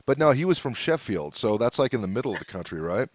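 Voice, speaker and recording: Very animated and quick, a medium-pitched man from the United States hosts a podcast. His casual interview chat is loose, packed with fillers and restarted sentences.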